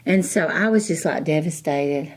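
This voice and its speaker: A woman's voice: sits low, normal speed. A middle-aged woman, a ministry director telling a personal story in a chatty, folksy way, full of "you know" asides and acted-out dialogue.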